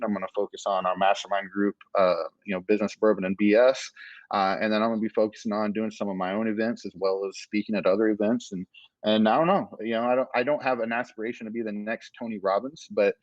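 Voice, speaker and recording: A man's voice: fairly low pitch, no echo, lo-fi sound. A man guest on a podcast, telling a long, rambling story with many "uh" fillers in a casual interview. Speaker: podcast guest, business owner.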